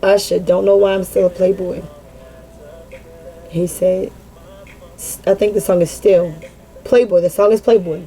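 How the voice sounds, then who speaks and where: A woman giving a spontaneous spiritual card reading. She talks in a halting way, repeats words and thinks aloud, and sounds earnest and emotionally open. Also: lowish voice, fairly even intonation, mellow, soft background music, poor audio. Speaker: tarot card reader.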